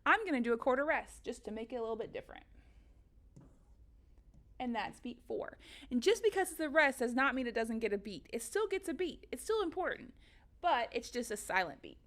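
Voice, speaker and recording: A woman's voice: on the high side, very animated, brisk, fairly bright tone. A woman music teacher giving a recorded lesson for children, upbeat and encouraging, counting beats and chanting rhythms aloud.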